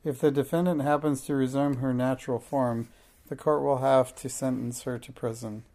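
A man's voice: medium pitch, fairly even intonation, mellow, close to an everyday voice. A man reading a formal, stern but fair old male judge in a children's story. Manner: formal, measured courtroom speech.

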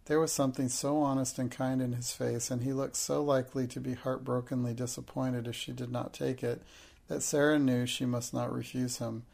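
A man narrating an audiobook in a steady, measured reading. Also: mid-range voice, creaky.

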